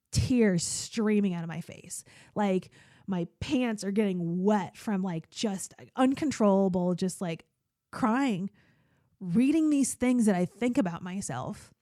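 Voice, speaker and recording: A woman's voice: mid-range voice, animated, a little slow, mellow, no room sound, studio quality. A woman hosting her own podcast, talking candidly and chattily about her therapy, laughing often and tearful at times. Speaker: podcast host. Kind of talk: personal solo podcast talk.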